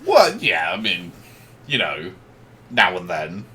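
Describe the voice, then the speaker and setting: A man's voice: sits low, huge pitch swings, slow, a loud crowd. A man running a tabletop game as game master over voice chat, laid-back, laughing often and restarting his sentences. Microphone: voice chat microphone.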